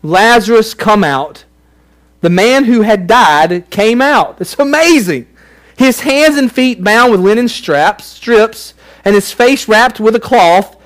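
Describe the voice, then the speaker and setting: A man's voice: sits high, expressive, slow pace, a bit bright. A man preaching a sermon as pastor, earnest and emphatic with lots of repetition.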